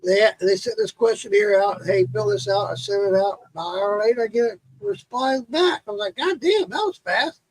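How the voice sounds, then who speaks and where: Husky high-voiced storyteller man. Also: fairly quick, few pauses, no echo, low-quality recording. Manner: profane, laughing storyteller, acts out quotes. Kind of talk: casual storytelling chat.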